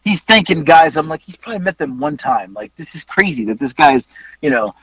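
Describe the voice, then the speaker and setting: High, lively man telling a story. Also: brisk, slightly rough, dry recording, low-quality recording. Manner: animated, profane, laughing through his story. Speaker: podcast host. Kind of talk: casual storytelling chat.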